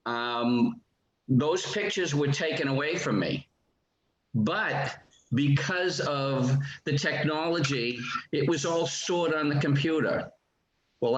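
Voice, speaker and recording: Slow, earnest man in his seventies. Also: medium pitch. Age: 70s. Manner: earnest, emotional. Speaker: caller. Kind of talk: casual call-in sharing. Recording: dull, roomy call audio.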